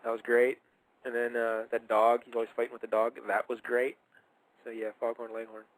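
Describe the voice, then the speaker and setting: A man's voice: medium pitch, monotone, brisk, low-quality recording. A young man hosting a casual radio show, who chats enthusiastically in a rambling way. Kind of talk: casual chat.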